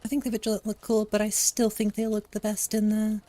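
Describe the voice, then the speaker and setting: A woman casually commenting on her gameplay as a streamer, chatty and relaxed, thinking aloud as she plays. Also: medium pitch, fairly quick. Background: soft lofi music.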